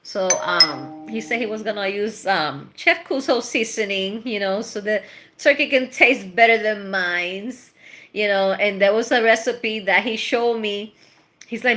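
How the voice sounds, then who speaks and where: A woman's voice: medium pitch, unhurried, pushed and bright. A middle-aged woman, a tarot reader, chatting casually and rambling with laughs and bits of Spanish slang. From Puerto Rico. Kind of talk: casual chat.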